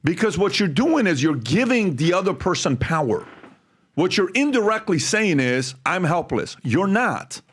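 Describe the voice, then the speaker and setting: An emphatic man hosts a relaxed panel discussion. His voice sits a bit high and swings widely as he tells stories and quizzes the panel with pointed questions. He lands his points with force. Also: moderate pace. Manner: emphatic, animated storyteller who quizzes the panel. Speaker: host.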